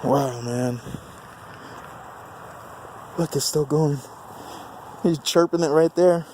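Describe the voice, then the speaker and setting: Excitable guy on a handheld camera outside at night, slightly high voice, drawn-out delivery, faint traffic hum. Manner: giddy, laughs often, swears freely. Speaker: vlogger filming a burnout. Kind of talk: excited casual commentary. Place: outdoors on a road at night.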